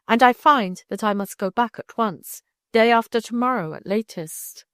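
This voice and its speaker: A woman reading the part of a kindly older man who gently and earnestly persuades a young girl. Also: on the high side, moderate pace, no echo, studio quality, close to an everyday voice. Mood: gentle coaxing. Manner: warm, coaxing, persuasive.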